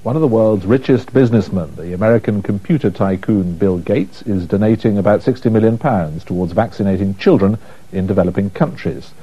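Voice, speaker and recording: A male news anchor reading a scripted report in a formal, even delivery. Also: fairly low pitch, fairly quick, slightly rough. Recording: dull lo-fi broadcast audio.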